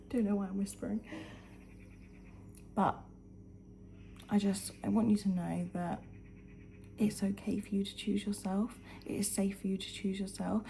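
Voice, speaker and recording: A woman's voice: mid-range voice, gravelly, warm tone, slight background noise. A woman at home in the early morning, talking earnestly to camera in a motivational vlog and often dropping to a whisper. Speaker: vlogger. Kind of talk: heartfelt motivational talk to camera.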